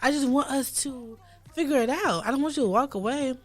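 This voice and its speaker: Outspoken, animated young woman. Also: high voice, fairly quick. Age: young adult. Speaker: podcast guest. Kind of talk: casual chat.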